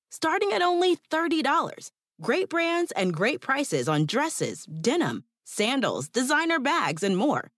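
Woman, ad voice-over, high lively pitch, bubbly upbeat sales read. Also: no echo, clean studio sound. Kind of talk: scripted commercial narration.

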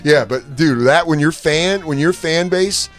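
A man hosting a casual podcast chat, telling animated stories full of swearing. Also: a little high, measured pace, soft background music. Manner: animated storyteller, swears a lot, acts out quotes. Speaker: podcast host.

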